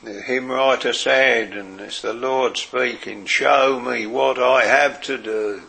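A man preaching a sermon in an earnest way, dropping his voice softly for quoted words. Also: medium pitch, steady tone, gravelly. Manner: slow, earnest preaching with soft, quiet quoted phrases.

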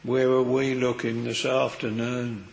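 A man delivers a sermon at a very unhurried pace, in a plain mid-range voice. His earnest, old-fashioned preaching is full of scripture quotations. The sound is roomy, with a long reverb trailing through a chapel. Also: medium pitch, level tone, creaky, darkish tone. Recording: echoey hall with long reverb.

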